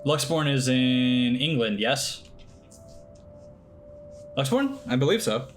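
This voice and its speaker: A man's voice: medium pitch, a little slow, soft background music. A man co-streaming a game, chatting casually with a joking, profane manner and frequent laughs. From Scottish and Irish heritage.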